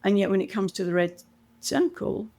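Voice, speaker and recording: Animated British woman with a gravelly edge. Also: mid-range voice, normal speed. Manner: animated storyteller, acts out quoted voices. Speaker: guest, communication coach. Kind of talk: podcast interview.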